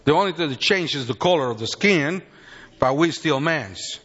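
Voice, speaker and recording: A man's voice: on the high side, animated, normal speed, fairly bright tone, slightly rough, in a large hall, highs cut off. A man in his fifties from Mexico with a Mexican Spanish accent, a native Spanish speaker giving an earnest, rambling sermon testimony in broken English.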